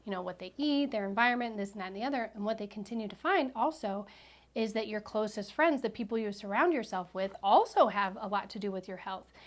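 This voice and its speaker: A woman in her thirties telling a personal story in a chatty vlog, animated, with frequent fillers and self-corrections. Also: mid-range voice, quick pace. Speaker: vlogger.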